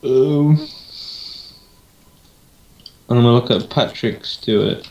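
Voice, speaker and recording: A man's voice: medium pitch, slow, long pauses, a little mellow. A young man co-hosting a casual podcast, rambling and unsure, thinking aloud with lots of ums. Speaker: podcast co-host. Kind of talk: casual chat. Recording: roomy home recording.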